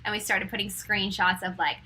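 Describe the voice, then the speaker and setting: A young woman hosts a live-stream meditation show, talking casually with her viewers and filling her sentences with little fillers. Her voice is bright and slightly breathy, and it turns soft and slow when she guides the meditation. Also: medium pitch, flat delivery, low-quality recording. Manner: chatty and giggly, many fillers.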